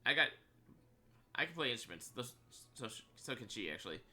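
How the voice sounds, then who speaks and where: Guy streaming a game, super bright tense voice, rambles with lots of likes, laughs a bunch. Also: medium pitch, sing-song, fairly quick, slight background noise. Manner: rambling, filler-heavy, laughs often. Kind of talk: casual live-stream chat while gaming.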